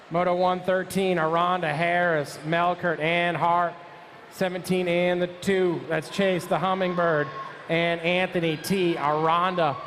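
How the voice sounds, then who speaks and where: A man with a high voice calls a live BMX race, running through rider names, bike numbers and nicknames. He takes his time between calls. A faint hum of the outdoor track sits behind him. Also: a bit bright. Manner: rapid-fire calling of rider names and numbers. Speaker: race announcer.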